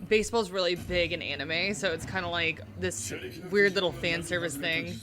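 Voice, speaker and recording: A woman's voice: on the low side, a little fast, few pauses. A young woman hosting a casual reaction chat, gushing and emotional, full of "um" and "like". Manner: gushing, emotional, many fillers like "um" and "like". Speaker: host.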